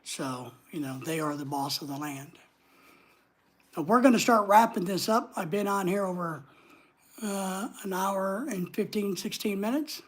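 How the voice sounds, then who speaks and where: Speaking a little slowly in a high voice, this livestream host has a neutral American accent. He reads out viewer comments and answers them in a loose, rambling, casual way.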